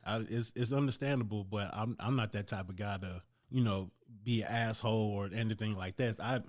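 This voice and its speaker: Animated man telling a gym story. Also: brisk. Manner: animated, acts out quoted voices with big pitch jumps. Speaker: podcast host. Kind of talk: casual storytelling chat.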